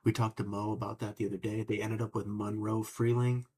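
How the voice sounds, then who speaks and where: A man's voice: fairly low pitch, little pitch movement, fairly quick, mellow, breathy edge. A young man hosting a casual sports podcast, opinionated and rambling, cursing now and then. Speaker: podcast host.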